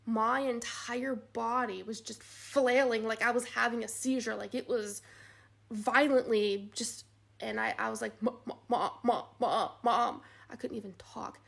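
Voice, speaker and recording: A young woman vlogger telling a personal story in a casual, rambling way, full of "like"s, getting animated at the funny parts. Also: a little high, a little slow, creaky.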